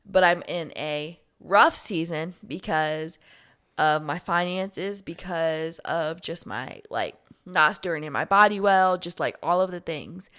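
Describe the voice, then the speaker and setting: Young woman telling a lively story. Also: fairly low pitch, slow, smooth. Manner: animated storyteller, heartfelt. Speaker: podcast guest. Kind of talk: casual faith chat.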